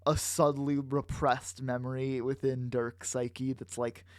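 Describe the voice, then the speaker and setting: A young man co-hosting a podcast, chatting casually with wry, deadpan quips. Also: medium pitch, unhurried, smooth, no room sound, clean studio sound. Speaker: podcast co-host. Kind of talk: casual chat.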